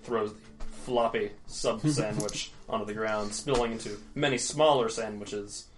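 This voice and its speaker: A man running a tabletop game as game master, narrating scenes in a relaxed storytelling manner. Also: lowish voice, a little slow, faint music behind, low-quality recording.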